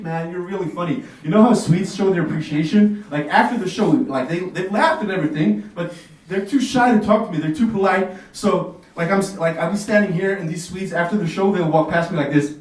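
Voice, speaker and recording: A man's voice: high voice, fairly quick. A man from Bosnia performs stand-up comedy in a small café. He talks casually and keeps laughing at his own jokes. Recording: echoey café from far off.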